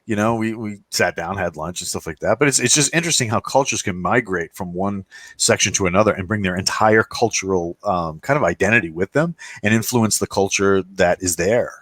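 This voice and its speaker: A man's voice: lowish voice, fairly quick, a bit bright, no echo. A man co-hosting a casual roundtable chat, telling rambling stories and acting out the people in them. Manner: rambling storyteller, acts out quoted voices. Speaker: podcast co-host.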